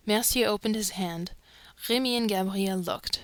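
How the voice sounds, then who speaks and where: A woman's voice: mid-range voice, normal speed, no echo. Woman narrating a classic novel. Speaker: audiobook narrator. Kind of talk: audiobook reading.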